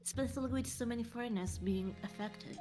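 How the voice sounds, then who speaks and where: A woman's voice: a little high, brisk, over music, close to an everyday voice. A woman voicing an earnest male police inspector explaining an undercover job, reading plainly with small slips.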